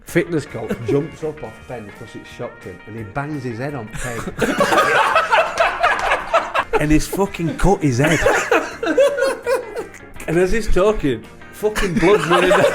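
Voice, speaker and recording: Loud animated man. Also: a little high, slow, pauses often, over loud music. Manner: loud, animated, sweary, laughing storyteller. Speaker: former goalkeeper. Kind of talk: anecdote telling on a podcast.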